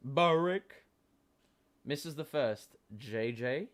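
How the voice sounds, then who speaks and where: A man hosting a live basketball watchalong, talking casually with many fillers and sudden excited outbursts. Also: medium pitch, unhurried. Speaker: host.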